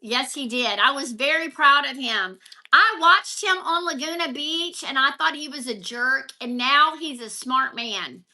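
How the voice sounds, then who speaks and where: Brief: woman, live-stream host, high and sharply bright voice, unhurried, chatty rants to her viewers. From Texas. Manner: ranting, chatty, answers viewer comments by name. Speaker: livestream host. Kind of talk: casual live-stream chat. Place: home, at a counter. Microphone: phone held vertically.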